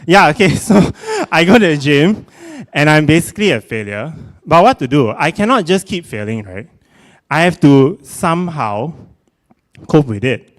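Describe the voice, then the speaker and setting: A young man with a Singaporean English accent giving a self-mocking comic spoken-word performance, exclamatory and animated. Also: fairly high pitch, normal speed.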